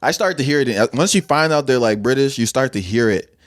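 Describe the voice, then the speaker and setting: A man's voice: mid-range voice, lively intonation, fairly quick. A young man co-hosting a casual podcast, laid-back and chatty, laughing often. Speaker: podcast co-host. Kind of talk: casual chat.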